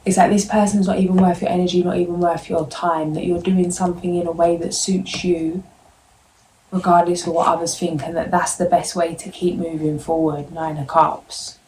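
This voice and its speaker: A woman giving a tarot card reading straight to her viewers, in a gentle, meandering and reassuring way. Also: fairly low pitch, little pitch movement, normal speed, a little hiss or hum, low-quality recording. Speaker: tarot reader.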